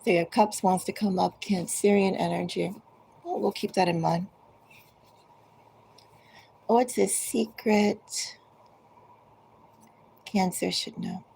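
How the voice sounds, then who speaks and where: A woman giving a collective tarot reading, speaking directly to each zodiac sign in an unhurried, musing way. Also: medium pitch, fairly even intonation, gravelly, mellow, a little hiss or hum, rough recording. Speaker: tarot reader.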